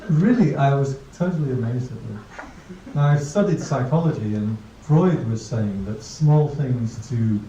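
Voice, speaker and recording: With a warm, medium-pitched, animated voice and a measured pace, a Buddhist monk gives a mindfulness class a casual, humorous talk. He tells anecdotes and laughs at his own jokes. The recording is dull, distant, and roomy, carrying a little hiss or hum.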